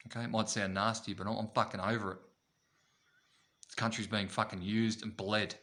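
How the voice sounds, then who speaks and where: A man's voice: fairly low pitch, flat delivery, moderate pace, long pauses, sharp tone. Blunt, ranting Australian man. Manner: blunt, profane, repetitive. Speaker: vlogger. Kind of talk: ranting to camera.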